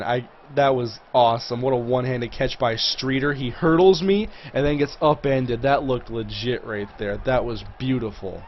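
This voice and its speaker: A man hosting a livestream, talking casually through a game and reacting loudly whenever a big play lands. His voice sits at an ordinary middle pitch. The audio is a bit dull and lo-fi, with a faint hiss underneath. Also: moderate pace, few pauses. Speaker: livestream host. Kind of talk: live gameplay commentary.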